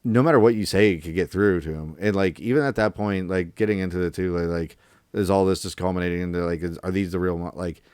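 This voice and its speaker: A man co-hosting a podcast, casually retelling film scenes in a rambling, animated way. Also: low-pitched, fast, clean tone, no echo, clean studio sound. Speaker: podcast co-host. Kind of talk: casual movie discussion.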